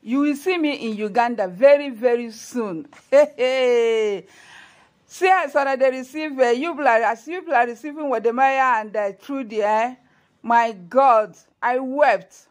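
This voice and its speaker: Nigerian woman, vlogger, earnest and preachy, pleading tone, a bit high-pitched. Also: measured pace. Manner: earnest, preachy, pleading, repeats "you know" and "eh?". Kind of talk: direct-to-camera commentary.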